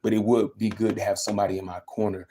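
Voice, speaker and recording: A man's voice: lowish voice, flat delivery, fast, mellow, a little hiss or hum. A young man venting emphatically and repeating himself on a casual livestream. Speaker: livestreaming vlogger.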